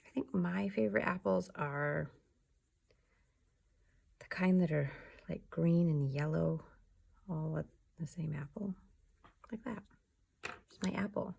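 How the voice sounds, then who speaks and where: Slow, gravelly woman teaching small kids. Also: lowish voice. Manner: slow, soft and patient, often drops to a whisper. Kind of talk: slow, gentle remote class lesson for young children.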